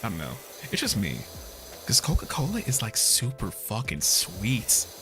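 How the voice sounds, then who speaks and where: A young man chatting casually while streaming a game, excitable and profane, laughing often and bursting into shouts. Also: lowish voice, normal speed. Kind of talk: casual gameplay stream chat. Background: game music.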